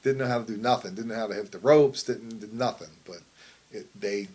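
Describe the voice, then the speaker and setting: On a rough recording, a middle-aged wrestling promoter with a lowish, darkish, slightly rough voice tells wrestling stories in a casual interview. He talks briskly, rambles, swears, and keeps asking "you know what I mean."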